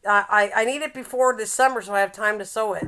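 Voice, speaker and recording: An older woman chats casually on a home live stream. She teases her viewers and laughs a lot, in a middle-pitched voice. When she reads aloud, she slows down and stumbles over words. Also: pushed and bright. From Canada. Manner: chatty and teasing, laughs often, reads aloud haltingly.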